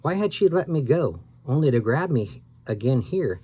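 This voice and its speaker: A man's voice: mid-range voice, big pitch swings, moderate pace, dark tone, breathy edge. Man reading a spooky story aloud. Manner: reads with expression and small self-corrections. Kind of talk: dramatic read-aloud of a scary children's story.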